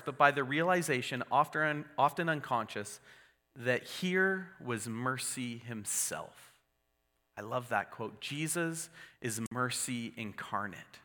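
A man's voice: medium pitch, bright, forceful tone, big-room sound. A man preaching a sermon as a pastor, conversational and earnest, with restarts and asides.

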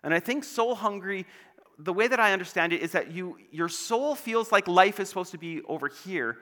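A man's voice: high-pitched, animated, moderate pace, fairly bright tone. A male pastor preaching a sermon in a church, playful and joking as he tells stories. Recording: long church hall reverb.

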